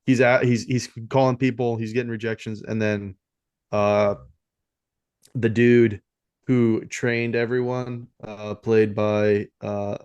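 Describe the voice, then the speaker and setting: A man's voice: fairly low pitch, little pitch movement, slow pace, darkish tone, clear, resonant tone. A man co-hosting a film podcast, talking casually and rambling with many fillers and restarts. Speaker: podcast co-host.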